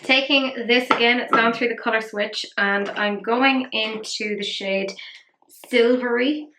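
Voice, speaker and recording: A woman's voice: on the high side, steady tone, measured pace, background noise. Chatty self-mocking woman vlogger. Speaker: makeup vlogger. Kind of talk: casual makeup tutorial chat. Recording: roomy echo.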